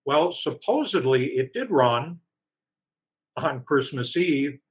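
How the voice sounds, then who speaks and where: A man's voice: medium pitch, animated, slow, husky, low-quality recording. A man casually recounting his dealings with a publisher, exasperated, sometimes mimicking the staff's replies. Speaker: author telling a complaint. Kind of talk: casual storytelling.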